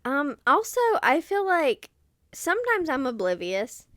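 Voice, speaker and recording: A woman co-hosting a podcast in casual chat, animated and acting out her own quoted lines in a higher voice. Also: unhurried, no room sound, clean studio sound. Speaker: podcast co-host.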